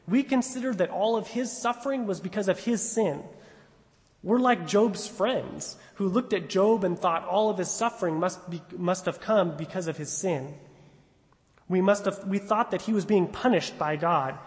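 A man with a high voice preaches an expository sermon in a church sanctuary. He leans into repeated phrases and slows down to drive them home. His voice rings out with a long reverb tail. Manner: emphatic expository preaching with slow stressed repetitions.

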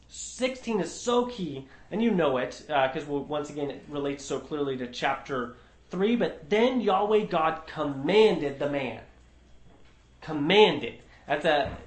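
Man leading a Bible study, slightly high voice, earnest and emphatic, roomy echo. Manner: earnest, emphatic, with frequent restarts.

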